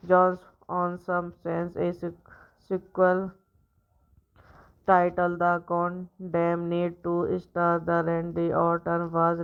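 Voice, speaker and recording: A woman reads out film credits and trivia for her review channel, halting and restarting as she goes. Her voice is low, smooth and slightly gravelly, held almost flat in pitch. The recording sounds dull and lo-fi. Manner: halting, stumbling reading with restarts. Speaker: movie review channel host. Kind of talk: reading out film credits and facts.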